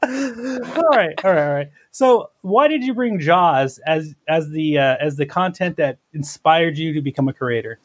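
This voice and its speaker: A man's voice: a little slow, no echo. A man co-hosting a podcast in casual chat, joking and teasing, laughing often. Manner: very lively, swooping pitch. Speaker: podcast co-host.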